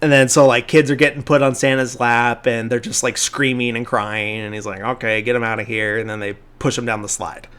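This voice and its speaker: A man at an everyday middle pitch talks through a film's story in loose, rambling podcast chat. He leans heavily on fillers and restarts, and now and then slips into quick impressions of the characters' lines. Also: fairly even intonation, a bit bright, clean tone. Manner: rambling, filler-heavy retelling with lots of "like"; briefly acts out characters' lines in the retelling. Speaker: podcast host. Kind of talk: casual movie recap.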